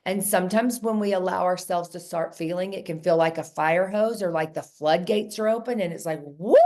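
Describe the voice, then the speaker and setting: A woman with a fairly low, slightly mellow voice speaks rather quickly as she coaches a group of women over video. Earnest and encouraging, she keeps it casual and repeats phrases for emphasis.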